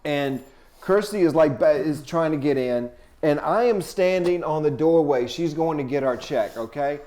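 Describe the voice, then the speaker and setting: A man with a slightly high-pitched voice spins a comic story as a podcast guest. He is profane and animated. He drops into low, muttered asides, then climbs into loud, indignant peaks. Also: normal speed. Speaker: touring comedian guest.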